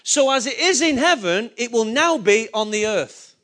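Preaching a sermon to his congregation, a pastor speaks in a voice that is strikingly high for a man. He is animated and keeps a moderate pace, repeatedly questioning his listeners and pressing hard on key points, at times nearly shouting.

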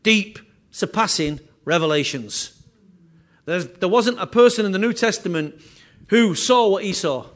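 A pastor with a high voice for a man preaches a sermon earnestly, repeating phrases and restarting as he goes.

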